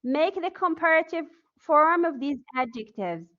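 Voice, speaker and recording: A woman's voice: high voice, expressive, measured pace. A woman with an Arabic accent teaching an online English class, drilling students word by word and praising answers. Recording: dull, muffled lo-fi audio.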